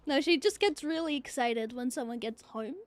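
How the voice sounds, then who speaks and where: High-voiced young woman streamer. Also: moderate pace. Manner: casual, swears freely, laughs often. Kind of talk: casual gaming stream chat.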